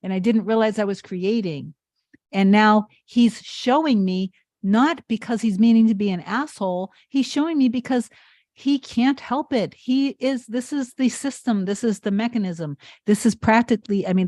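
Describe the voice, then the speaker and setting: A woman's voice: mid-range voice, warm tone, no echo. A woman hosting a live stream as a manifestation coach, speaking earnestly and emphatically, repeating and restarting her phrases. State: tearful near the end. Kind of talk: impassioned spiritual coaching on a livestream.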